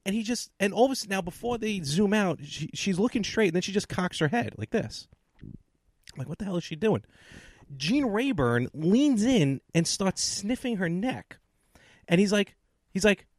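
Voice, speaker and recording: A man's voice: high voice, moderate pace, no room sound, studio quality. A man co-hosting a podcast, telling stories in a casual chat and laughing often. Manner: animated storyteller, laughs often. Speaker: podcast co-host.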